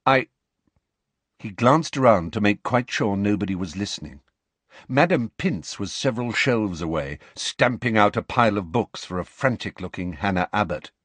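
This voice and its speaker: Expressive male audiobook narrator. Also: lowish voice, normal speed, slightly rough, no echo. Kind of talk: scripted storybook narration.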